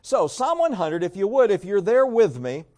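A man's voice: sits high, sing-song, normal speed, a little mellow. A man preaching a sermon in an easy, conversational way, repeating key phrases and getting the congregation to say them back. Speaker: pastor.

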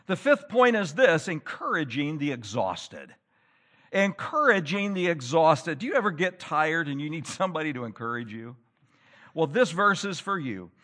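A man preaching a sermon in a church, with animated delivery that rises to loud, emphatic peaks. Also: fairly high pitch, moderate pace. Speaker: pastor.

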